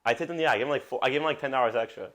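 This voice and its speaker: Young man, podcast host, from Brooklyn, rapid rambling delivery, profane storytelling. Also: medium pitch, a bit bright. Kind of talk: casual podcast chat.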